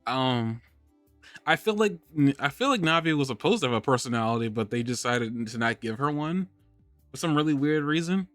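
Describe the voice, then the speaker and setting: A man's voice: mid-range voice, animated, normal speed, fairly bright tone, dry recording, faint music behind. A man hosting a live podcast, chatting casually and rambling, restarting his sentences and laughing often. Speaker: podcast host. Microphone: studio microphone on a live stream.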